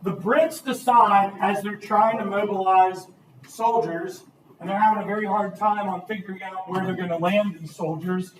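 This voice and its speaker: A man's voice: high-pitched, normal speed, a little hiss or hum. A man teaching a history class, lecturing with energy and asking his students questions. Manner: lively, asks the class questions. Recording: roomy, distant classroom recording.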